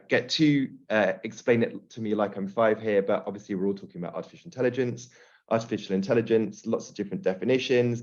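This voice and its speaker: Man, very low voice, slightly hoarse, steady explanatory webinar talk, dull lo-fi video-call sound. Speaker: guest speaker, AI specialist. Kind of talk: webinar presentation.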